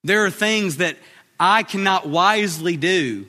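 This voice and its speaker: High, bright-voiced pastor in his thirties. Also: a little slow. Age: 30s. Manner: conversational preaching, repeats phrases for emphasis. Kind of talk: sermon. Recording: reverberant hall.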